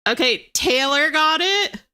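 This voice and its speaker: A chatty young woman hosts a writing livestream and reads out her viewers' messages. Her voice is bright and clear, with a very lively melody that swoops up and down as she talks. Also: sits high, unhurried. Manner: bubbly and chatty, reads chat aloud. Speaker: livestream host of writing sprints. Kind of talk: casual chat to live viewers.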